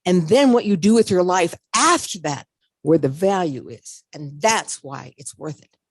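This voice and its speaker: A woman's voice: lowish voice, animated, moderate pace, husky, no echo. An older woman giving a motivational talk, telling her story and acting out her own reactions. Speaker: speaker.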